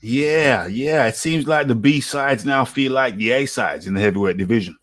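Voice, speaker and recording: A British man hosting a casual boxing chat, animated and laughing often, repeating his words as he goes. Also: mid-range voice, moderate pace, dry recording. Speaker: host.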